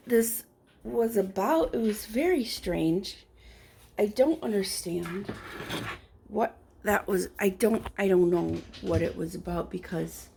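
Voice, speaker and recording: Slow, gravelly-voiced woman vlogging casually. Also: medium pitch, mellow, slight background noise. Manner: rambling, easygoing, drifts into whispers. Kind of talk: casual morning vlog chat. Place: at home by a window.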